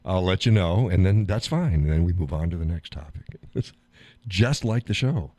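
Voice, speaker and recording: A man hosting a live stream, chatting casually about food and his day, laughing often and talking in an animated, blunt way with some swearing. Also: low voice, moderate pace, no echo. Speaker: live stream show host. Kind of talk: casual chat reading viewer comments.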